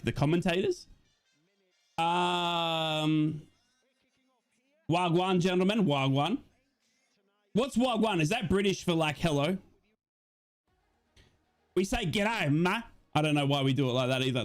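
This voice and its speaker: A fairly high-voiced man, talking casually to his viewers during a football watch-along. He is chatty and excitable, and he often trips over his words and restarts his sentences. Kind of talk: casual live-stream chat, reading viewer messages.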